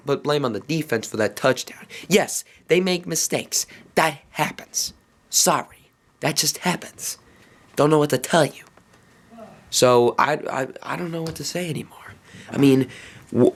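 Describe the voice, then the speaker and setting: A man's voice: on the high side, a bit bright. A man hosting his own sports talk show, giving an emphatic, exasperated fan's rant and thinking aloud. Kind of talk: ranting fan commentary.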